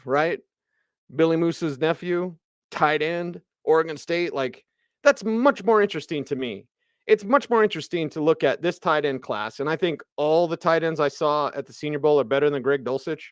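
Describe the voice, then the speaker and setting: A man hosting sports radio, ranting in an animated, emphatic way about football. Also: fairly high pitch, normal speed, clear, resonant tone, no echo, studio quality.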